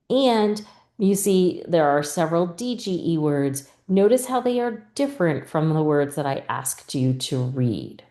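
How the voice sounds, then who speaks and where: Slow, low-voiced woman teacher. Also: dark tone, roomy sound. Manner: patient, modeling student questions and answers. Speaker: reading teacher trainer. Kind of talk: instructional explanation.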